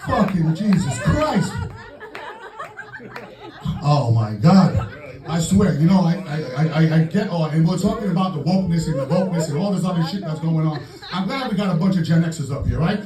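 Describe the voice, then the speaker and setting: A brash, foul-mouthed male comedian works a club stage, his voice sitting high for a man. The recording is roomy and distant, picked up from across the venue. A lively crowd laughs around him. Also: brisk, music in the background. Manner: brash, profane, loud punchlines. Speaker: stand-up comedian. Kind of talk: stand-up set. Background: audience laughing.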